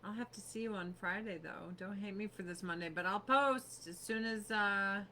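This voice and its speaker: A woman's voice: medium pitch, moderate pace, pushed and bright, a little hiss or hum. A woman hosting a casual beauty livestream from her home, chatty, laughing often and swearing casually. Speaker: livestream host selling beauty products. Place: home on a snowy mountain.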